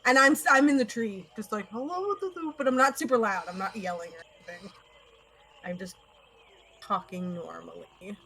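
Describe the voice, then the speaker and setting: A woman playing a tabletop game, talking in an animated, giggly way. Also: mid-range voice, moderate pace, breathy edge, low-quality recording. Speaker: player.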